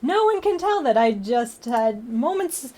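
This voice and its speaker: A woman voicing her male house cat as smug and self-satisfied, speaking in a sly, drawn-out way. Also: fairly high pitch, big pitch swings, dark tone.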